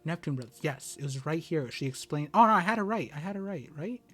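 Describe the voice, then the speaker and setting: Young male streamer, high voice, bursts into excited shouts and stammers, faint music behind. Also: quick pace, husky. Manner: excitable, exclaims and stammers when surprised. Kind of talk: live reaction reading of a comic chapter.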